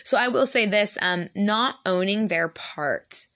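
Young woman hosting a faith podcast, chatty, animated, says like a ton. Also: mid-range voice, takes it slowly. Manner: chatty, animated, says "like" a lot, acts out quotes. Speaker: podcast co-host. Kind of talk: casual faith talk.

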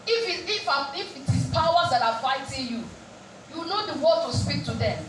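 High-voiced woman preaching in an echoey hall. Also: expressive, normal speed, fairly bright tone. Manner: call-and-response questions, repeated "praise God". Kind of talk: sermon. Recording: echoey room, distant mic, faint music.

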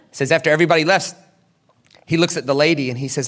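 A man's voice: a little high, steady tone, fast, pauses often, a bit bright. A man preaching a sermon as pastor. He asks the crowd questions, answers them himself, and acts out the people in the story.

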